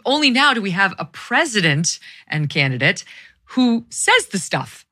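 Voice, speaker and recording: Lively bright-voiced female host. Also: medium pitch, measured pace. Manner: chatty, amused, introduces clips. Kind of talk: political talk show hosting.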